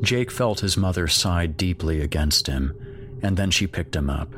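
A man narrating a scripted horror story in a steady, measured way. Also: low-pitched, faint music behind.

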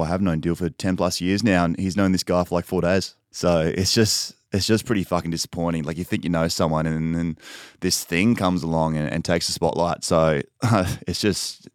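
A man's voice: sits low, no echo, studio quality. A man with an Australian accent hosting a podcast in casual, rambling, jokey chat, swearing freely. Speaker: podcast host. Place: studio.

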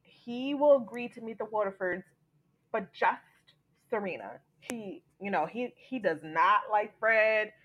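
A woman's voice: mid-range voice, measured pace, lo-fi sound. A woman hosting a podcast, animatedly recapping a TV episode and acting out the characters' lines. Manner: animated storytelling, acts out quotes. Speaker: podcast host.

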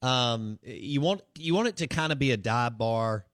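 A man's voice: medium pitch, normal speed, dry recording, clean studio sound. A man hosting a sports radio show, chatting casually with lots of fillers. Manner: relaxed and chatty, with many fillers.

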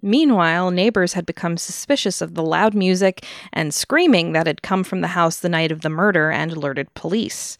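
Gravelly-voiced woman narrating a dark story. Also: lowish voice, normal speed, few pauses, no room sound, studio quality. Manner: laughs often while narrating. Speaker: podcast co-host telling the story. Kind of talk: casual chat, reading a true-crime history.

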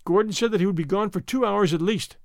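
A man's voice: high voice, quick pace, dry recording, studio quality. A man narrating an adventure story as an audiobook, reading expressively.

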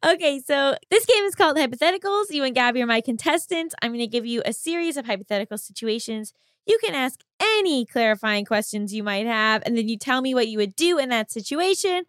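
A woman's voice: fairly high pitch, animated, a little fast, fairly bright tone, clean tone, dry recording. A woman co-host running a comic game-show segment on a podcast, with a mock announcer delivery. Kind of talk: hosting a comedic game segment.

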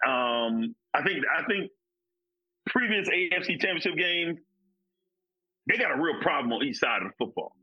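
Lively husky-voiced man talking football. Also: fairly high pitch, moderate pace, pauses often, highs cut off. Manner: emphatic, repeats points with "like" and "man". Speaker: podcast co-host, former football player. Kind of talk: casual sports talk.

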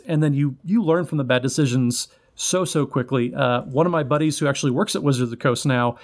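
A man co-hosting a podcast, giving relaxed, friendly advice. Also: mid-range voice, brisk, few pauses. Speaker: podcast co-host. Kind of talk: casual chat.

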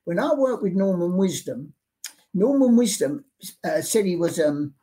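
A man's voice: high-pitched, very animated, unhurried, mellow. A man, a sports artist telling stories as an interview guest in his home studio. He talks animatedly, repeating words for emphasis. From London. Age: 80s. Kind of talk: anecdotal storytelling in an interview.

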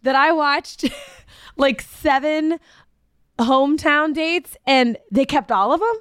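A woman co-hosting a podcast, chatting casually in a lively way. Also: high-pitched, takes it slowly, no echo, clean studio sound. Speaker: podcast co-host. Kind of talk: casual chat.

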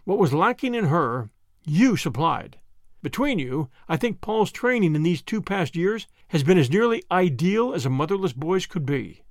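A man's voice: high voice, big pitch swings, moderate pace, dry recording, clean studio sound. A man reading an audiobook, voicing a middle-aged father who speaks heartily and earnestly. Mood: grateful.

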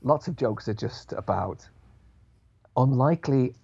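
A man's voice: medium pitch, expressive, a little slow, gravelly, darkish tone, slightly rough. A man guest on a podcast, explaining things thoughtfully in a casual chat, on a dull lo-fi line. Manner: thoughtful, explanatory, full of restarts and hedges.

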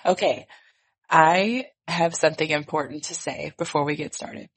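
A woman co-hosting a casual podcast while she is losing her voice. She sounds hoarse and raspy, low and husky, yet stays chatty and laughs often. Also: normal speed. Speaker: podcast co-host. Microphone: remote recording.

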